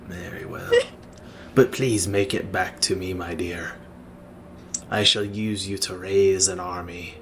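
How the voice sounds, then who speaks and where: A man voicing a sinister undead necromancer in slow, formal, theatrical speech. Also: deep voice, fairly even intonation, background noise, voice pushed down. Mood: menacing.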